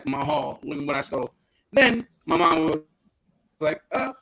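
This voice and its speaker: A man with a gravelly, slightly husky voice tells a childhood story in casual podcast chat. He brings a bright, forceful energy and acts out each quote with flair. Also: a little high, moderate pace, poor audio. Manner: animated storyteller acting out quotes. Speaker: podcast co-host.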